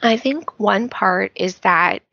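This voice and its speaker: A woman speaking as a guest on a podcast, earnest and heartfelt, with a gravelly fry in her voice. The sound is dry and a little dull, as if captured on a modest mic. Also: medium pitch, takes it slowly, sharp tone, no echo. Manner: earnest and heartfelt, with many fillers. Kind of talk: podcast interview conversation.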